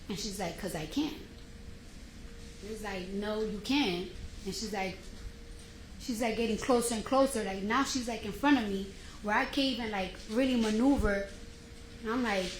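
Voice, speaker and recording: A woman's voice: medium pitch, moderate pace, long pauses. A woman giving courtroom testimony from the witness stand, retelling a heated argument in casual slang and acting out both voices. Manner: casual slang-heavy speech. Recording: echoey courtroom audio, faint hiss.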